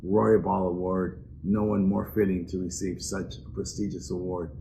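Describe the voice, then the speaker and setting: Older male presenter, deep gravelly voice, warm earnest storytelling tone with a hint of hiss behind. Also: level tone, normal speed. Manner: reminiscing, earnest, hesitant fillers. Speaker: award presenter. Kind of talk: personal introduction speech.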